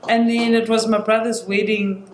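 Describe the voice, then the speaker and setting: This young South African woman has a fairly high, fairly level voice at normal speed. As a guest in casual conversation, she energetically retells a personal story and acts out the quoted lines, in a roomy indoor space with faint noise.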